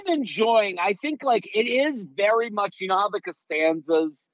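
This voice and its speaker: A man's voice: sits high, normal speed, dry recording, lo-fi sound. A man chatting casually on a remote call, telling rambling family stories with lots of "like"s and quoted lines. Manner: animated storyteller, rambling with many "like"s. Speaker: guest comedian. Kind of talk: casual chat.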